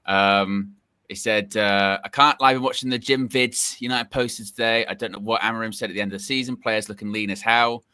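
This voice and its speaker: A man's voice: fairly low pitch, fairly even intonation, brisk, bright, forceful tone, clean tone, no room sound, studio quality. A man co-hosting a casual fan podcast, rambling and wry, often repeating himself.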